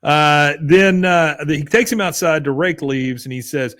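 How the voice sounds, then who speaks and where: A man co-hosting a podcast, casually recapping an episode and acting out characters' lines in a higher voice. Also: normal speed, hardly any pauses, fairly bright tone. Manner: retells scenes, acting out lines with raised pitch. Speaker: podcast co-host.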